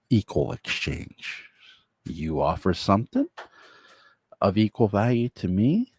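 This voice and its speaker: A sly male devil in human form, bargaining for souls in a low, unhurried voice, as a man puts him on. He talks slow and smooth, drawing out each offer. The sound is dry and close. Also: dry recording, heavily acted.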